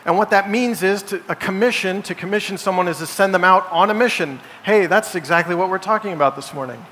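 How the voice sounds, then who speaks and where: At a quick pace, a pastor with a high, bright, forceful voice preaches emphatically, throwing rhetorical questions at his congregation. His sermon echoes with the long reverb of a church sanctuary over faint background noise.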